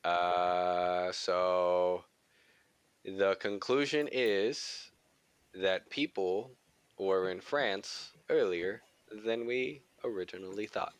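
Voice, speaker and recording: A man with a somewhat low voice co-hosts a casual podcast, rambling through stories and swearing freely. He laughs often as he talks. The sound is dry and close, with no room echo. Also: extremely slow, clear, resonant tone. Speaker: podcast co-host. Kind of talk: casual chat.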